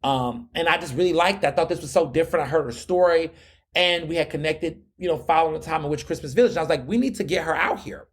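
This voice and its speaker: A man's voice: fairly high pitch, fast, husky. A young adult man hosting a podcast, telling a long story in a chatty, slangy way with lots of restarts. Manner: chatty, repeats words and restarts often, slangy. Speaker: podcast host. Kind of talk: casual storytelling monologue.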